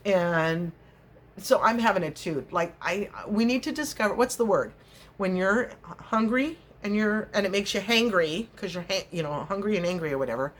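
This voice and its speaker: Middle-aged woman, casual rambling vlogger, frequent laughs. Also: lowish voice. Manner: chatty, laughs often, acts out little scenes. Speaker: crochet vlogger.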